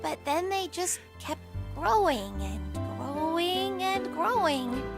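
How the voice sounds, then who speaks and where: A kind, worried little girl from a video game speaks very high and slowly, her pitch rising and falling as she fusses over a friend. Her gentle scolding is caring. Game music plays under her. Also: expressive, vocal fry, exaggerated voice.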